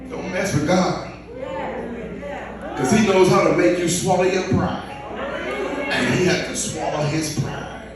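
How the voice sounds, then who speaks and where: A man preaches an animated sermon, speaking directly to his congregation. His voice sits a bit high for a man. He is heard from some distance in a very echoey church, with music playing behind him. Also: unhurried, pauses often, a crowd in the background. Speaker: pastor. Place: church sanctuary.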